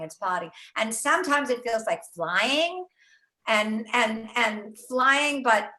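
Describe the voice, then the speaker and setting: An older woman talks chattily and animatedly, full of fillers and restarts. Her voice is bright and forceful. The sound rings in a roomy home writing studio. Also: medium pitch. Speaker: author and host. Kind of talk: casual conversation about writing. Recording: roomy echo.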